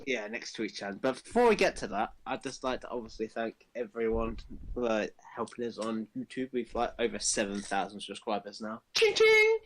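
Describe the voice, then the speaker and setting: A man's voice: lowish voice, a little fast, hardly any pauses. A man co-hosting a podcast in casual, sweary chat. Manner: laid-back, swears casually. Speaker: podcast co-host.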